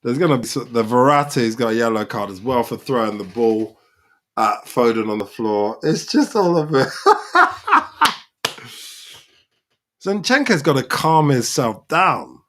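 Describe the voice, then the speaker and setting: A man's voice: mid-range voice, normal speed, slight background noise. A man hosting a live football reaction, talking over the match and calling out the players. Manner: excitable, shouts at players on screen.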